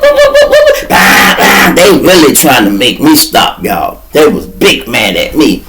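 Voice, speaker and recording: A man, the host of a podcast, tells a story in an animated, profane, slangy way. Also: mid-range voice, poor audio.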